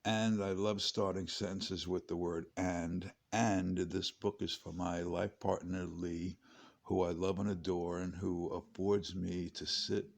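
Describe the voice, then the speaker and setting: A man's voice: low-pitched, little pitch movement, a little slow, gravelly. A man in his late fifties reading his own memoir aloud, chatty and digressive with wry asides. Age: 50s. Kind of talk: rambling memoir narration. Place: home.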